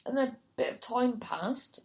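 A woman's voice: fairly high pitch, expressive, normal speed, darkish tone. A woman comedian telling a gig story casually, swearing freely and acting out other people's voices. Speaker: comedian and compere.

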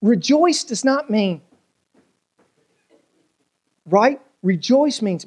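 A man, a pastor preaching a sermon in a folksy, storytelling way with big swings in pitch. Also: animated, slow pace, pauses often, darkish tone, breathy edge. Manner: folksy storytelling preacher, swooping pitch, colloquial Southern grammar.

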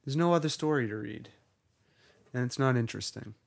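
A man's voice: mid-range voice, animated, fairly quick, creaky. A man co-hosting a podcast in casual chat, rambling and joking, sometimes putting on a bad British accent. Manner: rambling, jokey, mock British bits. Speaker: podcast co-host.

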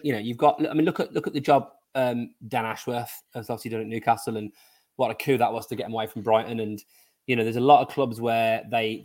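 A middle-aged man, co-hosting a casual football podcast and talking in an animated, joking way. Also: mid-range voice. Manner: animated, jokey, puts on silly foreign-player voices. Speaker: podcast co-host.

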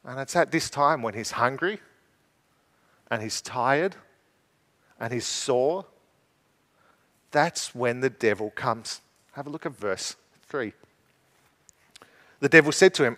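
A man's voice: mid-range voice, expressive, slow, pauses often, bright, forceful tone. A man preaching a sermon in a conversational way, asking his listeners rhetorical questions. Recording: long reverb from a hall.

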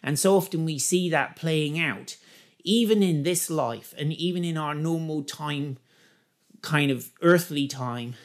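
A preacher giving a sermon and reading scripture, chatty with humorous asides and building to excited emphasis. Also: male voice, fairly high pitch, unhurried. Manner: enthusiastic, rising to excited emphasis.

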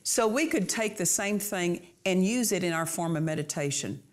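A woman delivers a sermon in a fairly low voice. She is earnest and emphatic, driving points home by repeating phrases. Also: expressive, moderate pace. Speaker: preacher.

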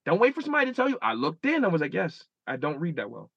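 A man's voice: a little high, wildly swooping pitch, racing, vocal fry, fairly bright tone, breathy edge, no echo, muffled recording. A man in his thirties, a guest in a casual interview, telling stories animatedly and acting out his own inner dialogue. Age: 30s.

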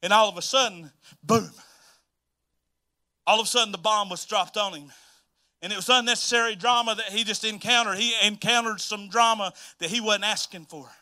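A man preaching a sermon in an energetic, folksy way, often repeating himself and laughing. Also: high-pitched, fairly quick. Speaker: pastor.

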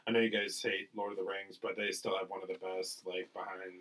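A man's voice: sits low, level tone, brisk, fairly bright tone, low-quality recording. A man hosting a podcast in casual chat, rambling with lots of fillers. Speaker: podcast co-host.

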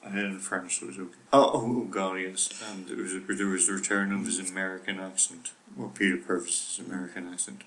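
Wry, teasing man with a lowish voice. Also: level tone, quick pace, hardly any pauses, a bit bright, low-quality recording. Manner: wry, teasing, quizzes his co-host. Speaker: podcast co-host. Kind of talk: casual chat.

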